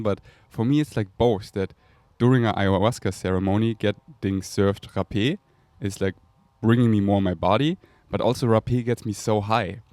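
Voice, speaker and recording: A man's voice: lowish voice, darkish tone, dry recording. A man with a German accent hosting a podcast, rambling dreamily and laughing often. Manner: dreamy, rambling, laughs often, makes breathy whooshing sounds. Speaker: podcast host. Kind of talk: casual spiritual monologue.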